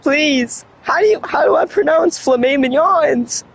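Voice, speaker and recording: Young streamer, casual live chat, high and unhurried, tongue-tied and self-mocking. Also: expressive, gravelly, a little hiss or hum. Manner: stumbling over words, flustered and self-mocking; laughs often between lines.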